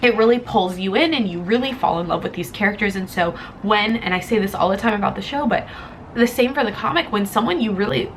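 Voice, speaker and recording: A woman's voice: medium pitch, quick pace, a little hiss or hum, poor audio. A young woman reviewing a comic in a casual vlog, rambling and emotional, close to tears. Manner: emotional, rambling, tearful at times.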